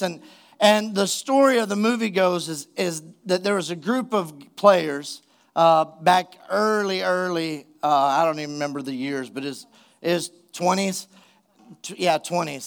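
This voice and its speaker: A man preaching a sermon as pastor, retelling a story casually before building to emphatic exhortation. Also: sits high.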